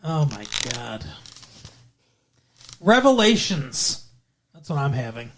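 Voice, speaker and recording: A man's voice: mid-range voice, big pitch swings, takes it slowly, fairly bright tone, slight background noise. A man co-hosting a casual chat podcast, teasing and sarcastic, with frequent swearing. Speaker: podcast co-host.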